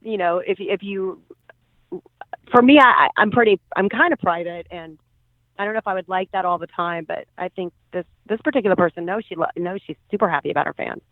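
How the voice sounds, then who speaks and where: A woman guest on a podcast, chatting casually, often laughing and pausing with fillers. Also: on the low side, no echo. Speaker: guest actress. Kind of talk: casual interview chat. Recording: tinny phone-line sound.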